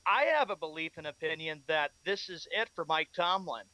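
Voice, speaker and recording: A man with a high, bright voice co-hosts a sports talk radio show. He reads out headlines and moves the talk along to the next segment. The sound is dry and close-miked. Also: expressive, moderate pace, dry recording, rough recording.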